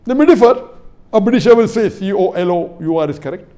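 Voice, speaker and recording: Emphatic lively-voiced man lecturing. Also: sits high, quick pace. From India. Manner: emphatic, repetitive, asks the audience questions; spells words out letter by letter. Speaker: Islamic preacher. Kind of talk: religious lecture to an audience.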